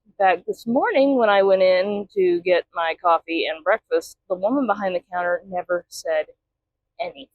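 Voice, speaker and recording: A woman's voice: lowish voice, moderate pace, dry recording, phone-quality sound. A woman truck driver chatting casually in a vlog from inside her truck cab, often talking to her cat.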